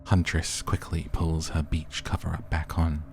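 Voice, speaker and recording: A man with a deep, gravelly voice narrates a dating game playthrough, dropping in playful and wry asides. Music plays steadily behind him. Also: completely flat delivery, measured pace.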